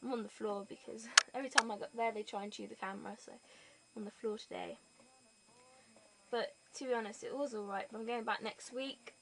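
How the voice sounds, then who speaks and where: A young woman with a British accent chats on a home vlog, her voice sitting a little high. She rambles through everyday stories with lots of "like" and "I was like". Faint clicking and rattling from pet gerbils sits under the recording. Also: steady tone, fairly quick, background noise. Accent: British English. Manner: chatty storytelling, acts out quoted people. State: pregnant. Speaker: vlogger. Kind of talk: casual chatty vlog. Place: bedroom floor at home.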